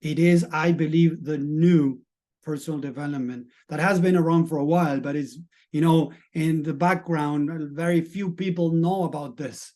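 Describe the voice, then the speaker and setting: A middle-aged man with a fairly high voice speaks as a mindset coach on a live stream. He talks earnestly and emphatically, stacking rhetorical questions and checking in with his chat audience. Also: steady tone, moderate pace, darkish tone.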